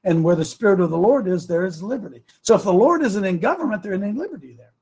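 A male talk show host preaches into a studio microphone in a rather high voice. His voice is husky. He speaks emphatically, repeats key lines and draws them out slowly for weight. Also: animated, a little mellow.

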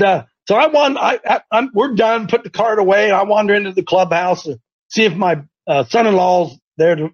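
A man hosting a faith talk show, telling a story in an animated, stumbling, repetitive way. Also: high-pitched, husky, dull audio. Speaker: host.

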